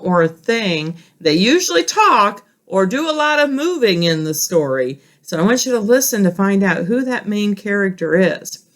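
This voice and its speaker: A woman teacher reading a picture book aloud to children, gentle and instructive, talking straight to her listeners. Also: mid-range voice.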